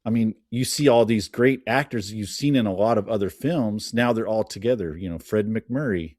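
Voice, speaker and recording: A man with a fairly low voice chats as a podcast guest, eagerly telling trivia and anecdotes. The sound is dry and close, with no room around it. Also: normal speed, a little mellow, no echo. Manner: enthusiastic storyteller sharing film trivia. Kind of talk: casual chat.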